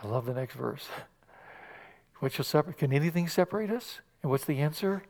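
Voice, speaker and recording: Animated preacher man in a reverberant hall. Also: a little high, brisk, creaky. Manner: animated, swinging from hushed to loud. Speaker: pastor. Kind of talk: sermon.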